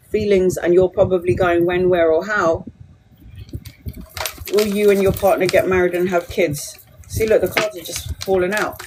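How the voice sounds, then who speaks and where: A woman in her forties reads tarot for viewers on a live stream, chatting and reassuring as she answers their questions. Her voice sits at a medium pitch. A faint hiss of background noise runs under her talk. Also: a little mellow, rough recording. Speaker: tarot reader. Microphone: phone or webcam on a live stream.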